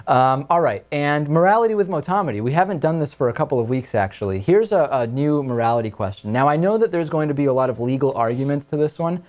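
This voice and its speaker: A man's voice: a little high, lively intonation, quick pace, hardly any pauses, a little mellow. A man hosting a talk radio show, leading casual discussion with his co-hosts in a conversational way.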